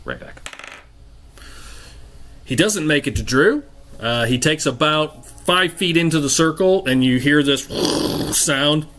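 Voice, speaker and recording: A man's voice: fairly high pitch, expressive, a little slow, long pauses, a bit bright. A man narrating as game master of a tabletop game, rambling with fillers and restarts.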